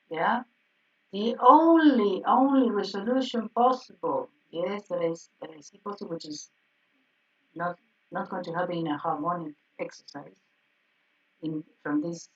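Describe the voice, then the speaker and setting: A woman teaching a piano harmony class online, checking in constantly with "yes?" and correcting herself. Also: medium pitch. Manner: animated, frequent "yes?" checks and self-corrections. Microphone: video call. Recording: distant, dull video-call audio.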